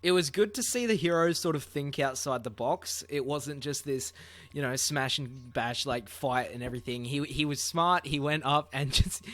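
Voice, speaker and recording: A man co-hosting a casual film review podcast, relaxed and laid-back. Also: mid-range voice, normal speed, no echo. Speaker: podcast co-host.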